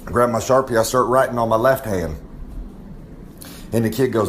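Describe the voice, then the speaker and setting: At a normal speed and medium pitch, a man gives an in-character wrestling promo as a recurring segment guest, boasting in the third person. He drawls and rambles like a storyteller, wandering into frequent asides. Slight background noise is present.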